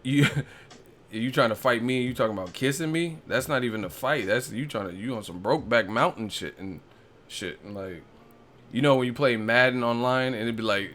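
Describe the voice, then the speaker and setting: A man's voice: mid-range voice, moderate pace, slight background noise. A man hosting a boxing live stream, talking in a loose casual rant, laughing often and acting out other people's lines. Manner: animated, laughs often, acts out quotes. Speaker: boxing commentary host.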